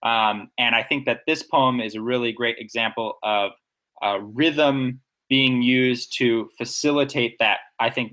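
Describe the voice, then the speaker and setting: A man's voice: medium pitch, pushed and bright. Eager nerdy man talking poetry. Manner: enthusiastic, nerdy, analytical, talks through examples. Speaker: podcast co-host. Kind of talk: casual poetry discussion.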